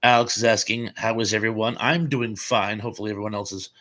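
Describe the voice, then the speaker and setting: A man's voice: lowish voice, fairly even intonation, quick pace, a bit bright. An American man hosting a casual live stream, rambling through stories and reading out viewer comments with fillers and chuckles. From United States.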